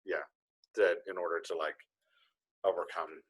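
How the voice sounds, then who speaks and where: Rambling male podcast host, husky voice. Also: low-pitched, fairly even intonation, normal speed. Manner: rambling, self-correcting, jokey. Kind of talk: casual chat.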